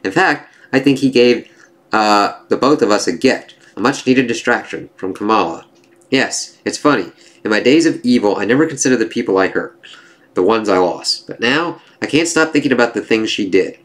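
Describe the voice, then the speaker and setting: A man's voice: on the low side, lively intonation, moderate pace, a bit bright. A man reading as a reformed ex-villain. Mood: reflective. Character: reformed older male ex-villain, reflective and calm.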